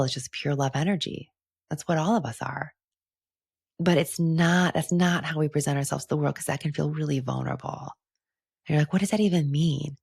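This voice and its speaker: A middle-aged woman hosts a reflective solo podcast, earnest and gentle, often saying "like." Her voice sits low with a gravelly, husky edge. The sound is dry and close. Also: no room sound. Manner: earnest, gentle, spiritual, with soft laughs and "like" fillers. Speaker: podcast host and retreat leader.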